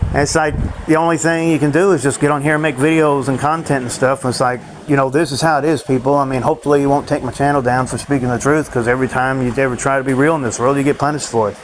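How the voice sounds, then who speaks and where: Man, rambling vlog rant, frustrated, profane, mid pitch, faint vehicle noise behind. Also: steady tone, fast talker, hardly any pauses, low-quality recording. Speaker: vlogger.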